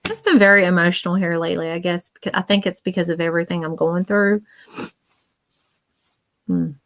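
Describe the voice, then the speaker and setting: A woman's voice: on the low side, fairly quick, fairly bright tone, no echo. A woman giving a live-stream psychic reading in an earnest, reassuring, repetitive way, and she gets emotional as she talks. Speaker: psychic medium.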